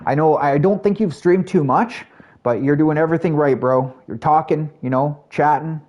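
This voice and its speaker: This Canadian streamer's voice sits on the high side, at normal speed, with a darkish tone on a muffled recording. Gaming live, he chats casually with his viewers in a Canadian accent, naming them as he goes, friendly and heavy on fillers.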